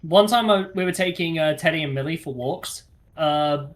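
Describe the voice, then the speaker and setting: A man's voice: on the high side, normal speed. A man chatting casually as a guest on a game stream, telling stories with many fillers. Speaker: guest co-player. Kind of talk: casual chat while gaming.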